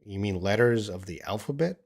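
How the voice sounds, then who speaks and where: A man's voice: lowish voice, lively intonation, normal speed. A middle-aged man teaching English on a live stream, answering viewers' questions and thinking aloud with hesitant restarts. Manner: encouraging.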